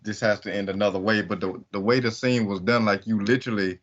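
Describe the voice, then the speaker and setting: A man co-hosting a podcast in relaxed, casual chat, recorded on a dull lo-fi mic. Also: fairly low pitch, quick pace. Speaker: podcast co-host.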